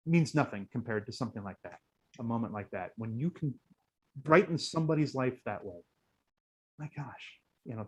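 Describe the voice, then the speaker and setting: A man's voice: mid-range voice, husky, low-quality recording. A man guest in a casual interview, telling heartfelt stories with many fillers and restarts. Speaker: guest, costume performer.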